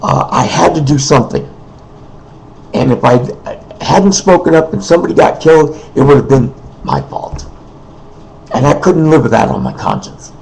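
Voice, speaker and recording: A man speaking in an unscripted personal monologue, emotional and weary, halting, repeating himself and often clearing his throat. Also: fairly high pitch, a little mellow, poor audio. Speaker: person making a personal appeal.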